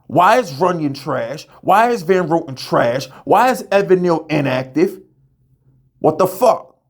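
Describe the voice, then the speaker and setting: A man's voice: a little high, animated, unhurried. Fired-up profane man ranting. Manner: heated, profane, stammering repeats. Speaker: podcast host. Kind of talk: ranting fan commentary.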